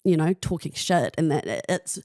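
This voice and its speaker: A woman's voice: low voice, expressive, normal speed, warm tone, no room sound, clean studio sound. Chatty New woman telling gossip. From New Zealand. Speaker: guest. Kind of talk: casual podcast chat.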